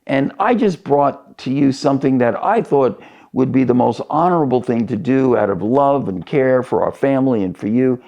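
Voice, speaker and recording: A man's voice: expressive, normal speed, darkish tone, muffled recording, natural voice. A man voicing an upset older brother who pleads indignantly with his father in a raised voice. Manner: indignant, pleading, rising pitch.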